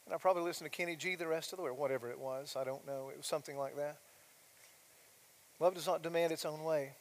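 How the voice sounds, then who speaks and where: High-voiced preacher in a reverberant church. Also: male voice, steady tone, fast talker. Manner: conversational preaching with asides and rhetorical questions. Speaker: pastor. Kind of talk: sermon. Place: church sanctuary. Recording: long hall reverb of a church.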